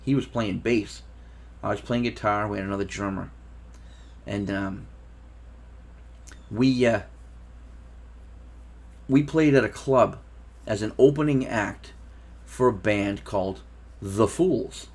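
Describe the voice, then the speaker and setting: A man's voice: fairly low pitch, takes it slowly, long pauses, darkish tone. A man in his fifties casually telling a long story as a vlogger, rambling and chuckling along. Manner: rambling, laughs as he tells it.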